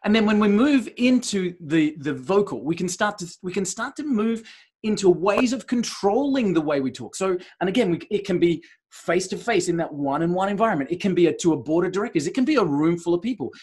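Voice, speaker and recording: Husky high-voiced podcast host man. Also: fairly quick. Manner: animated, enthusiastic, recapping points. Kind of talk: business podcast interview.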